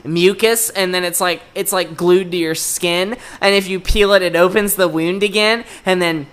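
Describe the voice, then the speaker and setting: A man's voice: high voice, fairly even intonation, moderate pace, a bit bright, smooth. A man voicing a know-it-all eight-year-old girl who lectures in a matter-of-fact way, in a retold podcast story. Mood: lecturing.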